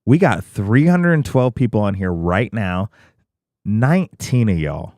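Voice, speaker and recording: Man, very lively pitch, dry close sound, hype-man energy, livestream co-host. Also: measured pace, no room sound. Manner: hyped, rallying viewers, animated. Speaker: co-host of a camera gear livestream. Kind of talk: casual livestream banter.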